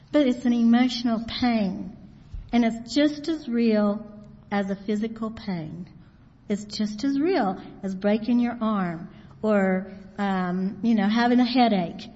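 A woman giving an informal sermon, reading scripture slowly and then talking it through plainly. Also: mid-range voice, mellow. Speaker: Bible teacher. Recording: dull sound in a hall with long reverb.

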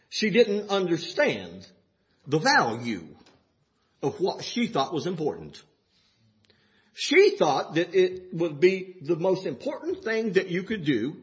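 A man preaching with a strikingly high, bright voice that swings lively up and down. He moves from folksy, chuckling asides into fervent, shouted exhortation. The recording is dull and lo-fi. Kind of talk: sermon. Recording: dull lo-fi sound.

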